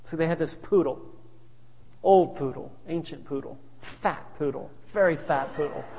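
A man's voice: on the high side, moderate pace, darkish tone, slight background noise. A male pastor telling stories in a sermon, humorous and anecdotal with chuckling asides. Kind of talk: sermon storytelling. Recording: reverberant hall.

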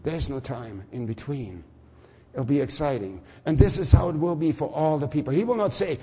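An older man preaching a sermon, swinging from quiet musing to shouting. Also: on the high side, normal speed, slightly rough, long reverb tail.

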